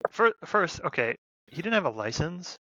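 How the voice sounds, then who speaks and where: Brief: bright-voiced male vet co-host, animated and profane storyteller, dry and slightly lo-fi. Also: on the high side, normal speed, dry recording. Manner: rambling, profane, animated retelling with loud quoted shouts. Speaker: podcast co-host, army veteran. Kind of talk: casual storytelling chat.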